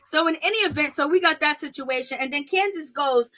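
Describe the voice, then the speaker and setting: A woman's voice: high voice, moderate pace, a bit bright, faint music behind. A woman hosting a commentary channel, blunt and gossipy as she talks straight to her viewers about a reality show, in casual speech with features.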